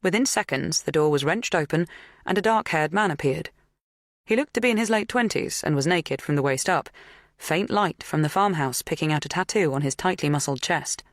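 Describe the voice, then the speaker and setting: A woman's voice: sits low, brisk, no echo. Woman narrating an audiobook, dry and close. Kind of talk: scripted narration.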